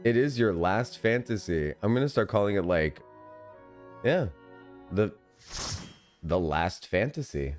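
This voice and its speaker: A man with a fairly low voice streams an online game live. He chats and laughs easily with his viewers and teammates. Game music plays faintly behind him. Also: lively intonation, measured pace, pauses often. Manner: chatty, giggly, talks to chat and teammates. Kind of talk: live gameplay commentary.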